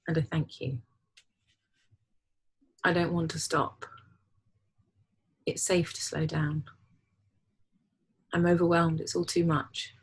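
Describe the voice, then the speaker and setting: A woman co-hosting a reflective talk, reading her own poem in a gentle, unhurried way. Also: deep voice, slightly rough. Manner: gentle, soft-spoken, unhurried. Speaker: podcast co-host.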